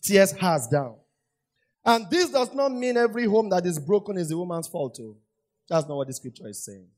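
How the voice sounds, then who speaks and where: A man's voice: high voice, big pitch swings, normal speed. A man preaching a sermon, repeating phrases for emphasis and asking the congregation rhetorical questions. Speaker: pastor.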